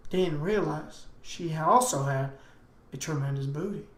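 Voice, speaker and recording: A man's voice: fairly high pitch, a little slow, fairly bright tone. Rambling, slangy young podcast guy. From United States. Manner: rambling and slangy, peppered with "man" and "dude". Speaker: podcast host. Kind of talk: casual solo podcast monologue. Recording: echoey room.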